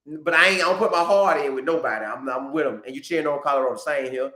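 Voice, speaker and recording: A man hosting a casual live stream, talking straight to his viewers in an animated, repetitive way. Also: a little high, quick pace, roomy sound. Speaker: podcast host reading live chat.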